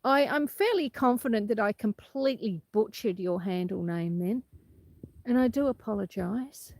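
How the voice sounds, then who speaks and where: A woman's voice: mid-range voice, expressive, normal speed, dry recording. A woman with an Australian accent hosting a casual livestream outdoors on a windy farm, chatting and laughing easily while greeting viewers by name. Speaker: livestream host. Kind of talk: casual livestream chat, reading comments aloud.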